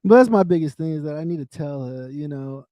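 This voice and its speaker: Male livestreamer, candid and profane, repeats himself; slightly high, mellow voice, dry close sound. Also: animated, fairly quick, dry recording. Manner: candid, swearing, repeats himself, talks to viewers by name. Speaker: livestream host. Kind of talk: casual emotional chat.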